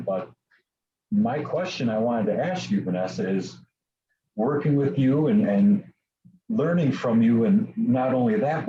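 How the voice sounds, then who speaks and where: A man gives an earnest, halting testimonial and then asks the guest a question. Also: lowish voice, mellow, a little hiss or hum. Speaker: community member asking a question. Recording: dull roomy remote audio.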